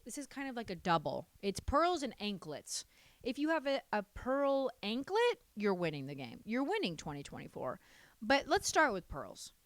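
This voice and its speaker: A young woman in her twenties chats on her solo podcast, sassy and outspoken, cursing without a second thought. Her voice is smooth and clear, and her pitch swings widely as she rants. The sound is dry and close, with no room echo. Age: 20s. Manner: sassy, animated, swears freely. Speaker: podcast host. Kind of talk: casual solo podcast chat.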